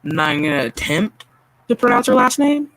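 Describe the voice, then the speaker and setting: A male streamer rants off the cuff, swearing freely and sounding sarcastic and fed up, often stumbling over his own restarts. His voice sits fairly high and comes across bright and sharp, recorded close and dry with no room sound. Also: sing-song, normal speed, no echo. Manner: profane, exasperated and sarcastic; stammering restarts. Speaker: streamer host. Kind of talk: casual ranting stream commentary.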